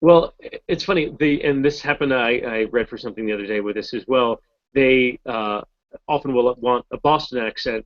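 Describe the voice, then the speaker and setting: A voice actor from Massachusetts chatting casually on a video call, rambling and correcting himself with a wry tone. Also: male voice, mid-range voice, moderate pace, dry recording, lo-fi sound. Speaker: voice actor guest. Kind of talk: casual chat in a video hangout.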